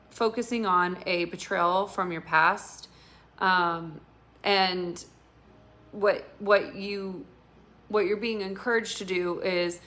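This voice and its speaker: Bright-voiced woman giving an emotional tarot reading. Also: medium pitch. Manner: rambling, filler-heavy, emotional and earnest. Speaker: tarot reader. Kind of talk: casual intuitive tarot reading.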